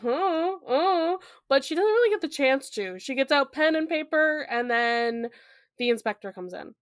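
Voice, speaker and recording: A young woman co-hosts a podcast, chatting casually about a book with playful asides and frequent laughter. Her voice is high-pitched with lively intonation at a moderate pace. The recording is dry and studio quality.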